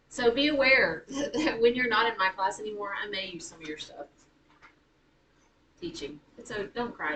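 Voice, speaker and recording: Chatty woman teacher in echoey classroom. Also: mid-range voice. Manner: chatty, self-correcting, teasing. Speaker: high school writing teacher. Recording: echoey room, far from mic, noisy.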